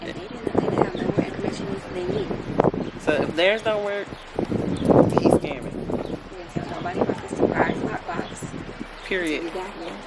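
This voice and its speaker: Woman chatting outdoors over loud street noise. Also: medium pitch, moderate pace, creaky. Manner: lively, laughing, chatting with a friend. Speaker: vlogger. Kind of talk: live phone footage.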